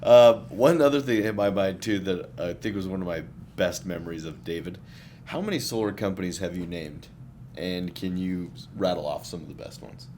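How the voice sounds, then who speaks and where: Deep-voiced podcast host. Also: male voice, normal speed, darkish tone, slight background noise. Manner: brief agreeing replies, laughs easily. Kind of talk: casual chat.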